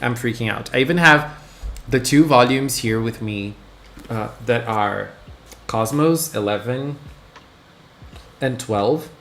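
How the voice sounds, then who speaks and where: A man hosting a casual live stream, excitably chatting and greeting his viewers one by one. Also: medium pitch, slow pace, long pauses. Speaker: livestream host. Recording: roomy echo.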